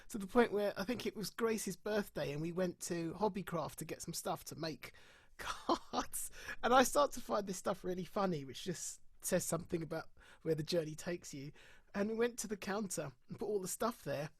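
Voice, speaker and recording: A woman, a bereaved parent, telling expressive stories on a video call, acting out voices and laughing at dark humour. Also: lowish voice, moderate pace, breathy edge, no room sound. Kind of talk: candid conversational storytelling.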